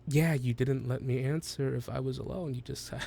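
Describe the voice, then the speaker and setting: A man voicing a smooth adult female vampire shopkeeper, speaking in a hushed, reassuring, flirtatious way. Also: mid-range voice, steady tone, normal speed, dry recording.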